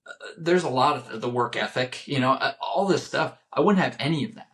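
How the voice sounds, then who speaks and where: Young male podcast host at mid pitch, earnest, repeats himself for emphasis. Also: fairly quick, a bit bright. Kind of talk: solo motivational podcast talk.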